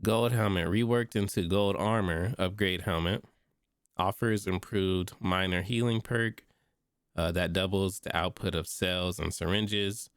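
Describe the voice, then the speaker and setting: A man's voice: low-pitched, fairly even intonation, unhurried, clean tone, no echo, studio quality. A stuffy-sounding man streaming, reading notes aloud and breaking off into casual, slangy reactions. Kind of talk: casual livestream commentary.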